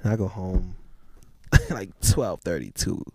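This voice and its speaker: An easygoing man with a very deep, low voice talks casually as a guest and laughs often. His voice sounds dry and close, with no room echo. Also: sing-song, takes it slowly. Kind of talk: casual chat.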